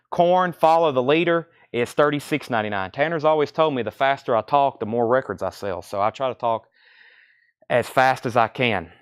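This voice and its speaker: A man runs a live record sale, rattling off titles and prices in a brisk, casual patter. His voice is smooth and clear, at a middle pitch for a man. The sound is dry and close, with little room echo. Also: a bit bright. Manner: brisk auctioneer-style listing of titles and prices. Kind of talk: live-stream sales patter. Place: record shop.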